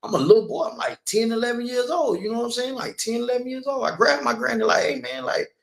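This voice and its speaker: A man's voice: very high-pitched, expressive, quick pace, vocal fry, echoey room. A man giving a personal testimony in a sermon, talking conversationally and often checking in with the listeners. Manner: conversational, keeps asking "you know what I'm saying". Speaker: speaker.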